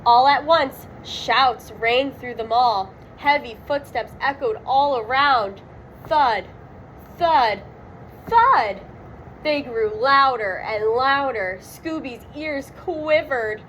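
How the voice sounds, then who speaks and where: A woman narrates a children's storybook aloud in a high, bright register. She takes her time over every line. She gives the sound words real dramatic weight. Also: slow, slight background noise, rough recording. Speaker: storybook reader.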